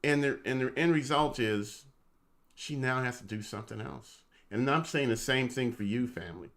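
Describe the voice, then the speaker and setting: A man's voice: mid-range voice, moderate pace, a bit bright. A man co-hosting a talk show, playful and teasing with emphatic, preacher-like delivery. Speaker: co-host. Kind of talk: casual chat.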